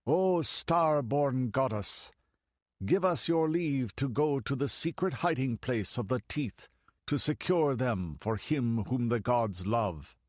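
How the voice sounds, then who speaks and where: A man voicing a fanatical male high priest who proclaims slowly in an exalted voice. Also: expressive, no echo, clean studio sound.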